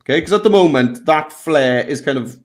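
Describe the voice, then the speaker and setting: A man hosting a live software lesson, chatting and guiding the viewers step by step. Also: a little high, lively intonation, a little fast. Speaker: tutorial host.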